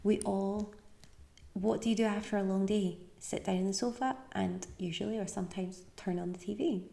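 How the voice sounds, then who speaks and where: A tired woman from the UK hosting a podcast, giving casual, encouraging advice and often dropping into a soft, breathy near-whisper. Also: mid-range voice, fairly even intonation, normal speed. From United Kingdom. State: tired, yawning. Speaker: podcast host.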